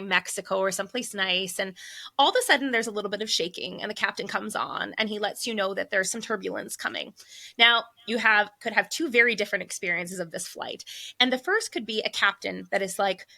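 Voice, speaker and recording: A middle-aged woman co-hosting a parenting podcast, telling a story in a lively casual way with fillers. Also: medium pitch, vocal fry. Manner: animated storyteller with filler words. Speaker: podcast co-host and psychologist.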